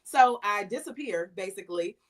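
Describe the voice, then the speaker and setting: A woman guest on a podcast, telling a personal story in a casual, animated way and acting out the messages she quotes. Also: mid-range voice, normal speed.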